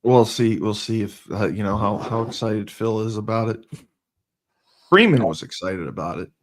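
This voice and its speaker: A man's voice: fairly low pitch, lively intonation, normal speed. A man, a football coach hosting a casual podcast chat, talking in a rambling, teasing way with many fillers.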